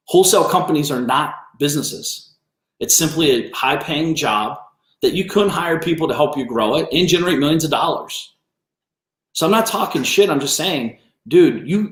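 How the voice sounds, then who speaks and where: A man hosts a business coaching livestream and lays into a commenter bluntly, swearing freely and daring him to prove his claims. His voice sits a bit high for a man. The sound carries a clear room echo. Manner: blunt, profane, confrontational. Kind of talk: livestream rant. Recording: roomy echo.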